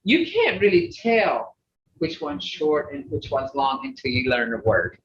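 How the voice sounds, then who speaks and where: Folksy teacher drilling words over a zoom class, slow and repeating, far from the mic in an echoey room. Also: mid-range voice, animated, fairly bright tone. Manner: repeats native words slowly to drill sounds; folksy, plain-spoken, addresses class as "y'all" and "people". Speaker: language teacher. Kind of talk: online language class, pronunciation drill. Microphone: video call. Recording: distant, roomy, dull video-call audio with faint hiss.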